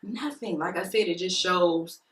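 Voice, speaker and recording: Bright-voiced woman venting heatedly. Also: lowish voice, unhurried, a little hiss or hum. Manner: heated, profane, emphatic venting. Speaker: beauty vlogger. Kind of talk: storytime chat while doing makeup. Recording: roomy room with faint music.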